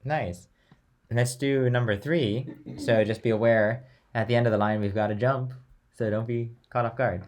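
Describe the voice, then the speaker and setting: With a mid-range voice at normal speed, a young man runs a chant class in a casual, chatty way. He moves between ordinary talk and singing phrases and note names.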